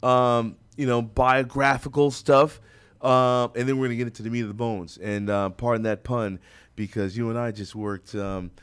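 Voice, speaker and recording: A man's voice: medium pitch, steady tone, normal speed, fairly bright tone, clean tone. A man hosting a radio talk show from a studio, bantering and joking with a playful, hyped announcer-style delivery.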